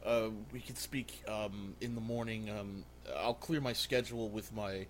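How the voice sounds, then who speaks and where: A man's voice: lowish voice, steady tone, slight background noise, close to an everyday voice. A man voicing a shaken middle-aged nobleman consul who stammers and halts mid-sentence. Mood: uneasy. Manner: halting, flustered.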